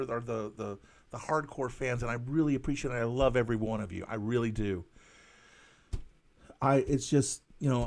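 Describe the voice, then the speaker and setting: A man of middle pitch talks off the cuff on a live drawing stream. He stammers and restarts his sentences again and again, and his tone is earnest and apologetic. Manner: halting, stammering, many restarts. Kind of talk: casual live-stream monologue.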